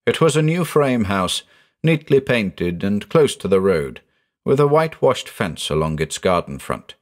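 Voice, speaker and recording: A low-pitched male narrator reading a classic ghost story aloud. His delivery is measured yet expressive, with a lively, wide-ranging melody. The style is scripted audiobook narration.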